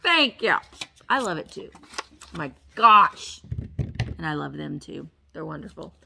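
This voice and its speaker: Gushing, gravelly-voiced woman vlogger. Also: low-pitched, sing-song, slow pace, sharp tone, a little hiss or hum. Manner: gushing, exclaims over each item; talks playfully to the objects. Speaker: reseller vlogger. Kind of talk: casual unboxing chat.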